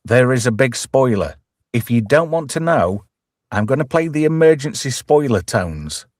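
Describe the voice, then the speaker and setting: A man's voice: medium pitch, big pitch swings, moderate pace, no room sound, clean studio sound. A man with an East Midlands accent hosting a live show, talking in a blunt, jokey, swearing and rambling way. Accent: East Midlands English. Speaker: host. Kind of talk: casual live chat show banter.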